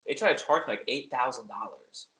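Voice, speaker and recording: A man's voice: medium pitch, lively intonation, fairly quick, pushed and bright. A man in his twenties co-hosting a podcast, telling rambling stories in casual chat and swearing freely. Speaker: podcast co-host. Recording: roomy echo.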